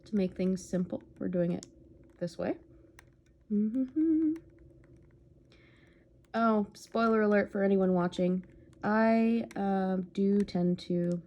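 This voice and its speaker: Chatty woman with a mellow voice. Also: medium pitch, steady tone, unhurried. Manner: rambling, chatty, hums to herself. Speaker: let's play host. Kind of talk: casual gameplay commentary.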